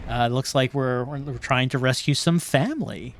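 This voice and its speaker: A man's voice: mid-range voice, normal speed, creaky, slight background noise. A man streaming a video game, reading in-game messages aloud and muttering asides in casual commentary.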